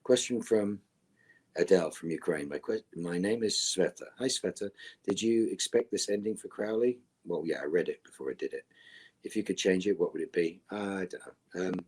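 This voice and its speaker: A man answering fan questions in a casual Q&A, reading each one out and replying in a relaxed way that often trails off into a low near-whisper. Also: moderate pace, breathy edge.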